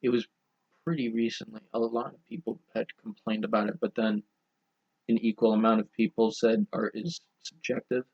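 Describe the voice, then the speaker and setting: On a lo-fi, dull-sounding podcast, a young male co-host makes crude, rambling jokes in casual chat. His voice is lowish with a flat delivery and a moderate pace.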